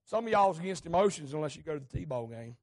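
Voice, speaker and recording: A man preaches a sermon. His delivery is folksy and conversational, and it rises often into fervent shouting. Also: fairly high pitch, animated, quick pace.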